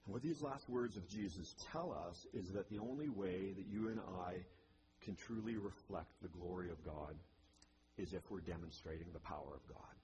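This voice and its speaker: A man's voice: low voice, moderate pace, noisy background. A male pastor giving a sermon in a church, with a conversational manner and wry asides.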